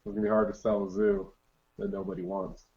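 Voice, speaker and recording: A man's voice: on the low side, sing-song, fast, creaky. A man co-hosting a podcast in casual chat, joking, swearing and laughing a lot. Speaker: podcast co-host. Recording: dull, muffled audio.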